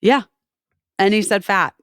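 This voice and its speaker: A woman's voice: mid-range voice, unhurried, a bit bright, clear, resonant tone, dry recording, studio quality. A woman in her forties co-hosting a podcast, chatting casually and animatedly with frequent swearing and quoted voices. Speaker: podcast co-host. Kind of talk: casual chat.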